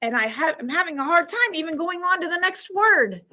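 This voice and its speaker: A woman's voice: very high voice, fairly quick, poor audio. A woman leading a classroom lesson for fourth graders, acting out little scenes and often checking in with the children. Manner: animated, acts out scenarios, asks the class questions. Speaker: school counselor teaching a class.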